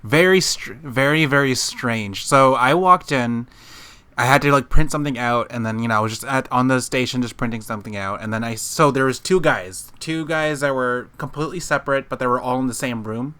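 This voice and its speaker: A man's voice: mid-range voice, brisk, bright, forceful tone, smooth. Rambling man telling a story. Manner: rambling storyteller, many fillers and restarts. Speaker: podcast co-host. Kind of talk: casual chat. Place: living room.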